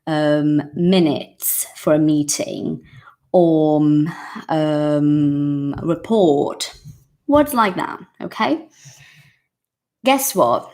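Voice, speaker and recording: Woman, English teacher, unhurried low-ish delivery, emphatic and repetitive, talks straight to viewers. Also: darkish tone. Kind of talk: casual spoken English lesson.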